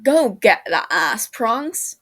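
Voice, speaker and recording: A woman's voice: mid-range voice, measured pace, lightly acted. A woman voicing a blunt, sweary young Scottish man teasing and scolding his friend. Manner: blunt and crude.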